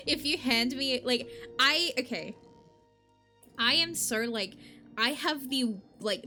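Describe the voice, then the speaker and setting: Woman streamer, bright and a bit high, rambling casual chat over faint music. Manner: animated, rambling, laughs often. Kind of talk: casual chat while playing a game.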